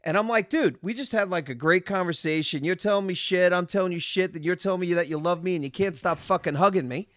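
A man telling a story in casual chat, animated and profane, acting out what others said. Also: high-pitched, quick pace, few pauses, dry recording, studio quality. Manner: animated, profane, acts out quotes.

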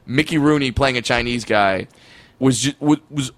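A man's voice: medium pitch, normal speed, dry recording. A young adult man co-hosting a podcast in casual chat, laughing often and restarting his sentences. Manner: laughing, stammering restarts, drops into silly voices. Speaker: podcast co-host and comedian.

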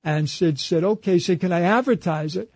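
A man's voice: sits high, a little fast, darkish tone, no room sound. A man being interviewed who tells a long anecdote, retelling it through a chain of quoted dialogue and frequent "he said.". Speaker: interview guest. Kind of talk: conversational storytelling anecdote.

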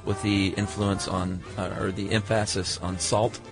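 A man's voice: lowish voice, flat delivery, measured pace, music in the background. Easygoing middle-aged male podcast host. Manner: easygoing, reads listener mail. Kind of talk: casual chat.

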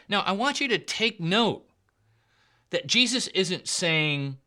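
A man's voice: sits high, expressive, takes it slowly, pushed and bright. A man preaching a sermon in an emphatic way, repeating key points and calling his listeners guys and bro. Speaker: pastor.

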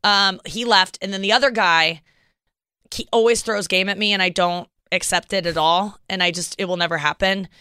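Woman podcast host telling stories, chatty, restarts a lot, smooth voice, dry mic. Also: medium pitch, steady tone, moderate pace, pushed and bright, no room sound. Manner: candid, rambling storytelling with many restarts. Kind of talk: casual chat.

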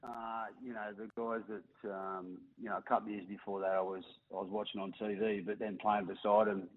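A man, a former rugby league player, reminiscing as a guest in a relaxed interview, with many fillers. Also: lowish voice, fairly quick. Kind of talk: interview over the phone. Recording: tinny phone line.

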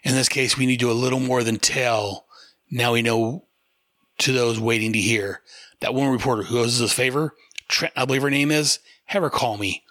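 A man voicing a sinister, scheming cult leader in a lowered voice. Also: steady tone, moderate pace, a bit bright, no echo, natural voice.

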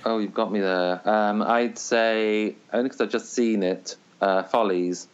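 A man's voice: on the low side, fairly even intonation, a little slow, smooth. An Irish man and theatre maker, a guest in a casual interview, thoughtful and hesitant as he answers. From Ireland. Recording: dull lo-fi sound.

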